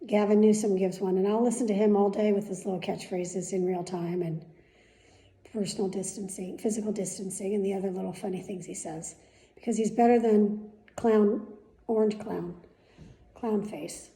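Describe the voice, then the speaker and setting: A woman's voice: medium pitch, fairly even intonation, moderate pace, dark tone, reverberant, rough recording. A middle-aged woman hosting her daily vlog, talking frankly and heatedly, swearing freely and admitting she is worked up. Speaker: vlogger, daily show host. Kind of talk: candid talking-head rant.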